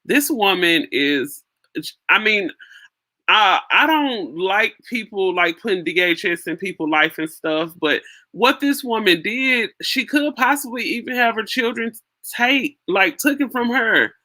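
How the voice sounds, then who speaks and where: A woman's voice: mid-range voice, animated, a little slow, sharp tone. A woman hosting her own channel, giving casual spoken commentary on a video clip and often repeating words as she thinks aloud.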